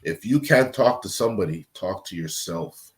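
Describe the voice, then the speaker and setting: A man's voice: sits low, expressive, normal speed. A man on a talk panel speaking bluntly and emphatically about hard times, with swearing and dry jokes. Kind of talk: casual panel chat.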